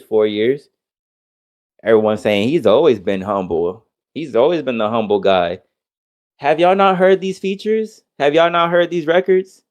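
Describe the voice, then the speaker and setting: A man co-hosting a casual podcast, ranting heatedly with lots of profanity and mocking quotes. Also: mid-range voice. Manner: heated, profane, swings between loud outbursts and mock quotes. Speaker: podcast co-host.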